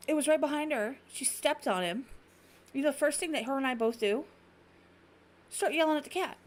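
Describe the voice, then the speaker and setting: Woman, 30s, podcast host; animated storyteller with a higher voice, faint noise underneath. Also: brisk. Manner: animated storyteller, swears freely. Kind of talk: casual chat.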